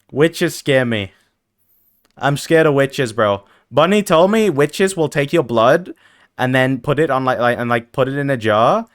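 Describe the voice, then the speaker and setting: A man's voice: mid-range voice, clear, resonant tone. A man streaming a game, chatting in a playful, goofy, teasing way. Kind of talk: casual gaming stream chat.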